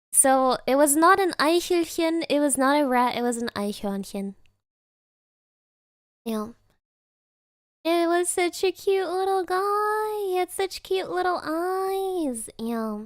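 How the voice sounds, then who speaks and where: A young woman streams from home, giggling and rambling as she chats with her live audience and reads their messages out loud. Her voice is high-pitched, and the recording is dry and studio quality.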